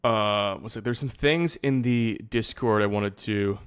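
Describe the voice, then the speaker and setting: A man's voice: lowish voice, unhurried, clear, resonant tone. A man with a Nova Scotian accent chatting casually on a live stream, rambling with lots of fillers and casual swearing. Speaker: streamer reacting to videos.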